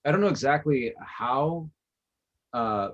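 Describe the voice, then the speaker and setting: A man's voice: mid-range voice, expressive, takes it slowly, lo-fi sound. A man from Wisconsin chatting easily on a podcast, his sentences trailing off. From Northeastern Wisconsin. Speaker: podcast co-host. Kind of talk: casual chat.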